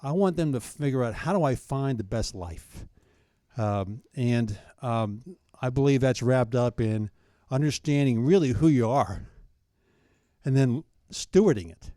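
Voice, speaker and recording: A man's voice: medium pitch, animated, a little slow, mellow, no room sound, studio quality. A man in his fifties answering interview questions in a thoughtful, earnest way, often restarting his phrases. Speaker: guest, founder of a coaching ministry.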